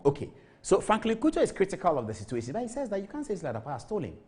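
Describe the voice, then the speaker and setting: Animated husky Ghanaian man on TV. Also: sits high, racing. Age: middle-aged. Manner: animated, emphatic, repeats words. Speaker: TV show host. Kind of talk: studio commentary on news. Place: TV studio.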